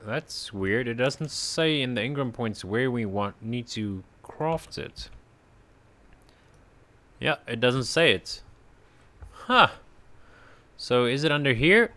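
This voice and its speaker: A man's voice: medium pitch, animated, slow pace, long pauses, pushed and bright. A man hosting a casual let's-play, chatting to viewers and talking affectionately to his in-game creatures with small laughs. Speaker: gaming channel host.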